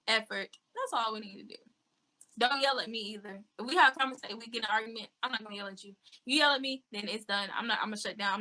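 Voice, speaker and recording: A woman being interviewed talks casually and bluntly, saying things straight out in an outspoken way. Her voice is medium in pitch, pushed and bright.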